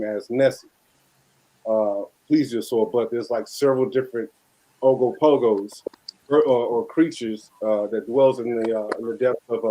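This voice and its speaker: Man panelist, mellow dark tone, rambling with fillers, faint hiss. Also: medium pitch, low-quality recording. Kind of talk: casual panel discussion.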